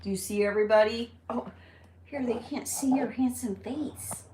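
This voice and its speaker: A woman's voice: on the high side, moderate pace, warm tone, a little hiss or hum. A woman hosting a casual live stream, chatting with viewers and coaxing her pet bird in a fond, playful way. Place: at home. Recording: roomy, distant mic, faint running water.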